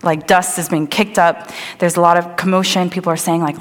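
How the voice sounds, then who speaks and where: A woman's voice: on the low side, level tone, brisk, hardly any pauses. A woman preaching a sermon, telling the scripture scene vividly and acting out the voices of the crowd. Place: church sanctuary. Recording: long hall reverb.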